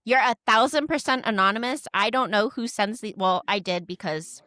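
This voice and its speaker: A young woman co-hosts a podcast in candid, easygoing chat, her voice bright and clear. She speaks into a dry, close microphone, with no room sound around her. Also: medium pitch, moderate pace, dry recording. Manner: chatty and candid, swears casually. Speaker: podcast co-host. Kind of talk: casual chat.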